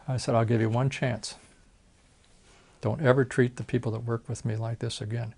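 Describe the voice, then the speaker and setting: A man's voice: mid-range voice, steady tone, moderate pace, creaky, darkish tone, breathy edge. An older man, a retired plastic surgeon, telling folksy stories in an oral history interview and acting out the voices of people he quotes.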